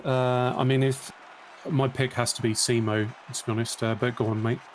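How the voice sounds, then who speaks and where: A man co-commentating a sim racing league live, relaxed and jokey in his banter. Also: medium pitch, moderate pace, a little hiss or hum. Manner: laid-back, jokey banter. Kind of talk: casual live race commentary.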